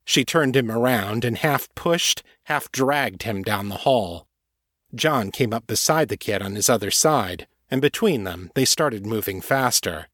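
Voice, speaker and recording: A man narrating an audiobook in a steady, measured way. His voice sits at a middle pitch. The recording is dry and close to the mic. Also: dry recording.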